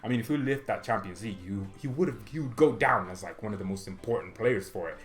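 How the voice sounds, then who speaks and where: A man's voice: lowish voice, quick pace. A man hosting a fan channel, giving rambling, casual football commentary full of fillers. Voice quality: rambling, chatty, filler-heavy.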